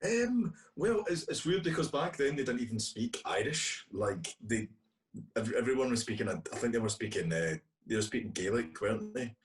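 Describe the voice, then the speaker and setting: A man's voice: mid-range voice, sing-song, normal speed. A Scottish man, a guest actor, chatting casually and hesitantly in an interview, with many restarts. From Scotland. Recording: distant from the mic.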